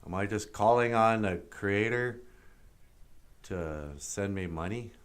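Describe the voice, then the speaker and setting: A man's voice: fairly low pitch, slow pace, clear, resonant tone. A man hosting a puppet show, musing wryly in a drawling, self-mocking way. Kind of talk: casual musing monologue.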